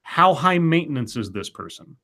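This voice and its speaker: A man's voice: fairly high pitch, sing-song, normal speed, sharp tone. A man co-hosting a casual podcast chat, reasoning things through with hedges and restarted sentences.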